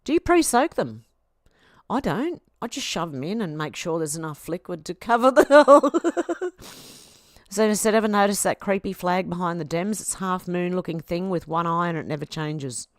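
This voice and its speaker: A teary, sniffling Australian woman reads out viewer comments on her home livestream, chatty and quick. Her voice sits a little low and close to the mic, with no room sound around it. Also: animated, no echo. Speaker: livestream host reading chat. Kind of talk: casual livestream chat, reading comments aloud.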